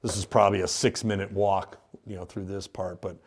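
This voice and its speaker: A man's voice: low-pitched, level tone, a little fast. A man who owns a haunted house, casually explaining it on a tour with lots of fillers and restarts. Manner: rambling, with many fillers and restarts. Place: inside an old industrial building.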